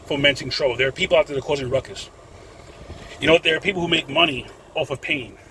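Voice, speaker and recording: A man in his thirties talks quickly and rambles, chatting to his viewers as folks in a casual vlog. His voice sits a little high. Faint traffic hums around him outside. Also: pushed and bright, poor audio. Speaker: vlogger. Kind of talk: casual rant to camera.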